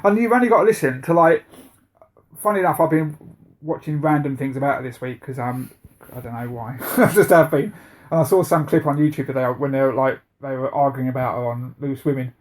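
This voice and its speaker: A man co-hosting a casual podcast chat, animated and sweary, laughing often. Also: medium pitch, fairly quick. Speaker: podcast co-host.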